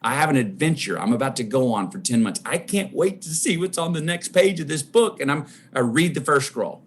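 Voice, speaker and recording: A man with a Texan drawl tells a story in a podcast interview, his pitch rising and falling with lively swings. He acts out the people he quotes as he goes, dropping low and soft for some lines. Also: brisk, few pauses, a little hiss or hum. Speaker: guest.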